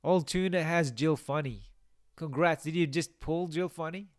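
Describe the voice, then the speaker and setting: A young man chats loosely through a live stream, answering viewer comments and thinking out loud. His voice sits a little high and comes through smooth and clear. The sound is dry and close, with no room echo. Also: moderate pace. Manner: chatty, reads viewer comments aloud, muses to himself. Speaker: game streamer. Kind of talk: casual live-stream chat.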